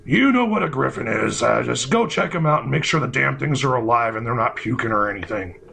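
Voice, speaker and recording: A man voicing a brash, crude male captain who bargains from a castle wall, gruff and swearing. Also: medium pitch, lively intonation, sharp tone, heavily acted. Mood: irritated. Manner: gruff, swearing, quick to anger.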